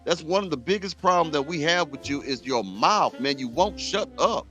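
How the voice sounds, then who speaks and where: Brief: male reaction host, blunt heated rant, a bit high-voiced, soft music bed underneath. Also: animated, moderate pace. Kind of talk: commentary rant.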